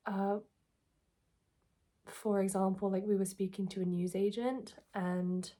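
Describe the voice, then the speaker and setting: Mellow-voiced woman vlogger. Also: medium pitch, flat delivery, unhurried. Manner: candid, reflective, earnest. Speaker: self-help vlogger. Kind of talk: personal story and advice to camera.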